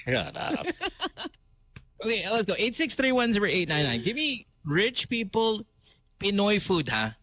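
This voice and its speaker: A man's voice: sits high, sing-song, measured pace, pushed and bright, no echo. A man hosting a radio show, talking in a playful, jokey way. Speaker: radio host. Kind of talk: casual radio banter. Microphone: studio microphone.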